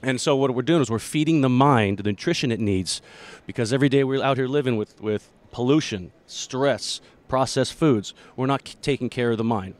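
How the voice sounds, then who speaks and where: A man who founded a company, pitching its product in an interview with earnest, halting speech full of restarts. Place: busy expo floor.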